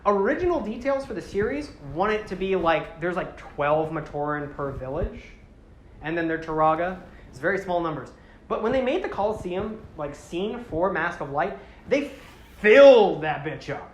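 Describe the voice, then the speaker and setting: A podcast host retelling a toy story line in a casual, animated, rambling way. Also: mid-range voice, normal speed, echoey room, a little hiss or hum. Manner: animated, rambling with fillers and swearing.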